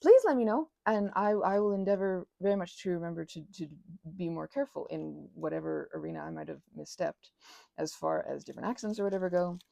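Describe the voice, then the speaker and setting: A woman rambling casually as she presses flowers, often interrupting herself, giggling and dropping into soft whispers. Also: lowish voice, vocal fry, no echo, studio quality. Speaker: channel host.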